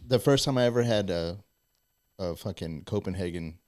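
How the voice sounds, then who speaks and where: A low-voiced man hosting a podcast in casual, blunt talk full of curses. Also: normal speed, a little mellow, dry recording, studio quality. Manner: blunt, profane. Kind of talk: casual chat. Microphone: studio microphone.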